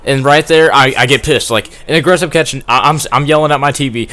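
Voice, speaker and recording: At home playing a football video game on a TV, a young man gives casual, rambling commentary through a gaming headset, laughing at himself and getting worked up over plays. His medium-pitched voice is sharp in tone and a little fast, with a self-deprecating manner.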